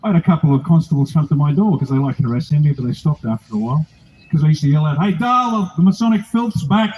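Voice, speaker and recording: A man's voice: fairly high pitch, racing, mellow, a little hiss or hum, rough recording. An older man with an Australian accent, giving a blunt, rousing, joking speech at an outdoor rally. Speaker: political speaker at a rally.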